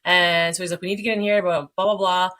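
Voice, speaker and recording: A woman in her forties telling her story as a podcast guest, animated, acting out quoted dialogue, swearing and laughing along the way. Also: lowish voice, quick pace. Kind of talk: candid storytelling.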